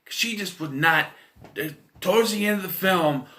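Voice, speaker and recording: A man's voice: a little high, moderate pace, very noisy. A man in his thirties giving a casual, rambling film review, swearing freely and restarting his sentences often. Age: 30s. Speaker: movie reviewer.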